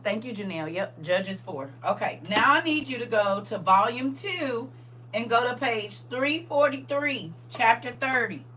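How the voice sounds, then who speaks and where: A woman's voice: on the high side, lively intonation, a little slow, fairly bright tone, slight background noise. A middle-aged woman, chatting with listeners while leading a casual online Bible study. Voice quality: raspy. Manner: chatty, laughs often, talks to listeners directly. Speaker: online scripture study host.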